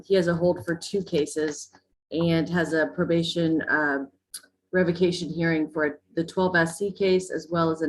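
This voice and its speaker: Low-voiced woman prosecutor. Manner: firm, formal, hesitant fillers. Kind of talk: courtroom argument.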